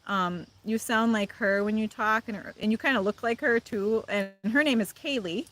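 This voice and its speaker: A woman's voice: a little high, normal speed, fairly bright tone. A woman from the Midwest with a Midwestern accent, chatting casually on a livestream, answering viewer comments and laughing often. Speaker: livestream host. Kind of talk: casual live chat with viewers.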